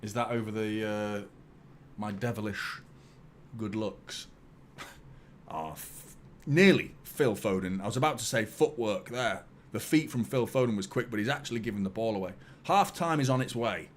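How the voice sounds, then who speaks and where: Excitable football fan streaming. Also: male voice, on the low side, moderate pace, slight background noise. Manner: excitable, swears, jokes with chat. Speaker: watchalong host. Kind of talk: live football watchalong commentary.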